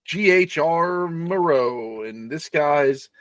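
A man co-hosting a podcast, loosely retelling a movie plot with profanity and quick silly voices. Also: on the high side, expressive, fairly bright tone, no room sound. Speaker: podcast co-host recapping a film. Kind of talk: casual chat.

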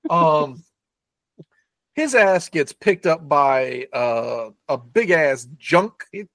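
A man co-hosting a podcast, loosely retelling a movie plot with profanity and quick silly voices. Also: a little high, expressive, a bit bright, dry recording. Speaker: podcast co-host recapping a film. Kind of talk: casual chat.

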